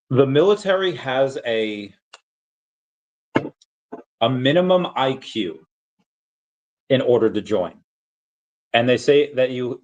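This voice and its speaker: A man in his late twenties or thirties hosting a casual livestream, rambling with many restarts and acting out pickup lines in a deeper voice. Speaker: livestream host. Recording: dull, lo-fi sound.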